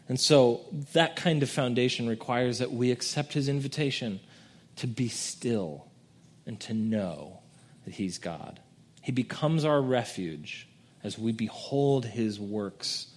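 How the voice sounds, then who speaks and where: A man preaching a sermon in a casual, conversational way, swinging between soft reflective passages and loud emphatic peaks. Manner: conversational preaching, dramatic swings in pitch and volume. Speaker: pastor.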